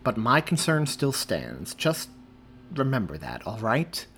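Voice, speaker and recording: A man's voice: mid-range voice, huge pitch swings, a little slow, a bit bright, slight background noise, heavily acted. A man voicing an exasperated, outspoken young woman in an audiobook reading. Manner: insistent, exasperated.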